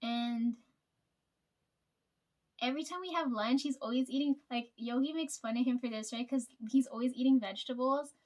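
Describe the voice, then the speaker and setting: A woman with a slightly high voice tells stories about her coworkers in a loose, rambling way. She swears freely and fills the gaps with fillers and little laughs. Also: normal speed, a little mellow. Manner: chatty, swears a lot, frequent fillers and laughs. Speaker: vlogger telling work stories. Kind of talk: casual storytime chat.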